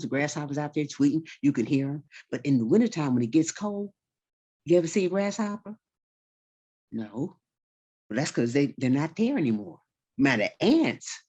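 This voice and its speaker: Woman voicing her calm old grandmother. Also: low-pitched. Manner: calm, patient, instructive. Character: calm wise old grandmother teaching a lesson. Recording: slightly dull recording.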